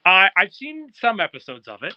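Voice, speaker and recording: Chatting as a guest on a casual video call, a friendly man from Ontario, Canada, with a Canadian accent talks at a moderate pace. His voice sits high with huge pitch swings; the recording is dry, through dull lo-fi call audio.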